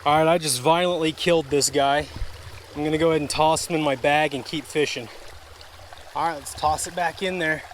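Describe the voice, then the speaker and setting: A man's voice: a little high, steady tone, brisk, a little hiss or hum. A man fishing a wooded stream outdoors, chatting casually to his viewers and grumbling when things go wrong. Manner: chatty, easily frustrated, talks to viewers as folks and guys. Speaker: fishing vlogger. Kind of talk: casual outdoor vlog narration.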